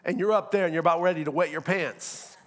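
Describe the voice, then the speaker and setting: A pastor, preaching a sermon with humor and acted-out asides. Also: male voice, a little high, quick pace.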